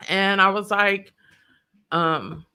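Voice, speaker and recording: Very slow and steady, a woman speaks in a mid-range voice with a sharp, clean tone. As a guest on a podcast she tells her personal story in an emotional, vivid way, voicing the quotes herself.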